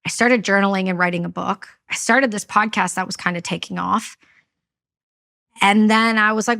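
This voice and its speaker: A woman's voice: medium pitch, fairly even intonation, moderate pace, vocal fry, sharp tone. A woman from Canada, a veteran and guest, telling a personal story in an interview, candid and blunt.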